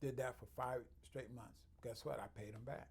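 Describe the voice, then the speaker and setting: A chiropractor telling stories in an interview, acting out other people's voices and swinging from quiet to loud. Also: male voice, medium pitch, fairly even intonation, normal speed, breathy edge. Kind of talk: storytelling interview.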